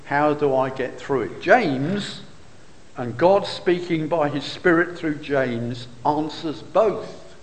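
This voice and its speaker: A man's voice: a little high, takes it slowly, slight background noise. A man preaching a sermon, explaining scripture with rhetorical questions and occasional fillers. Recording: reverberant hall.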